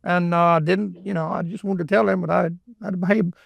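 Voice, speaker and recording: A man's voice: sits high, steady tone, brisk, gravelly, no room sound. A man teaching a Bible book verse by verse in a folksy, rambling way, often repeating words and adding asides. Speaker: preacher.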